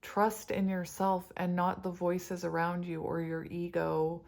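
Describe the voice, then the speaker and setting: Speaking a little slowly in a lowish, creaky voice with a level tone, this tarot reader talks casually to her viewers about spiritual love and energy. She gets emotional and tearful yet laughs frequently.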